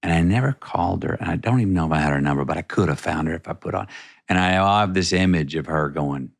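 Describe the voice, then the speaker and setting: A man's voice: low-pitched, fast talker, gravelly. A middle-aged man from Texas, a podcast guest telling a personal story in a rambling, vivid way with many restarts.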